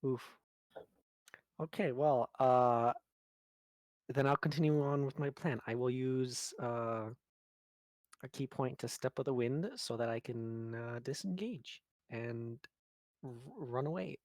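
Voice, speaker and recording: A player in a tabletop game who talks hesitantly, with lots of fillers, and sounds expressive. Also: mid-range voice, slow, long pauses, no room sound. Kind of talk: casual tabletop play.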